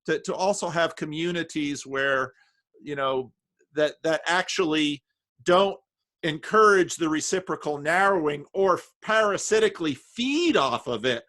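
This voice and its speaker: Halting higher-voiced man hosting a call. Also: animated, sharp tone. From New Jersey. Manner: halting, many restarts and fillers. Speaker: host. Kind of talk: casual conversation.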